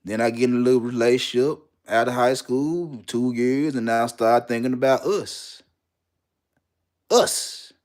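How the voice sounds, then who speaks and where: A young man tells his own story in plain, unpolished talk. He is blunt and profane and hammers points home by repeating himself. His voice sits at an ordinary middle pitch. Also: steady tone, normal speed, hardly any pauses, darkish tone. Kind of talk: candid personal storytelling.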